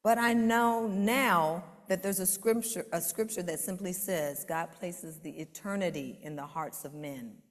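A woman giving a church testimony and prayer, fervent, with loud, slow emphatic lines. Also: on the low side. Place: church sanctuary. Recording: long reverb of a large hall.

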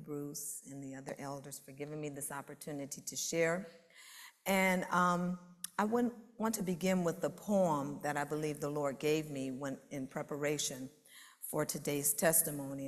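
Fervent woman testifying in an echoing hall. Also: low-pitched. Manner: fervent, rises loud and slow on emphatic lines. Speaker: preschool teacher giving a church testimony. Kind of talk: church testimony and prayer. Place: church sanctuary. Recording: long reverb of a large hall.

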